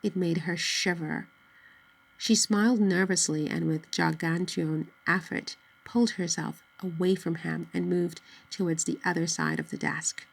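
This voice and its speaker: A woman reads a novel aloud in a steady, measured way. Her voice is low with a noticeable gravelly fry, and the delivery stays even, as in a scripted audiobook. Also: low-quality recording. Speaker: narrator.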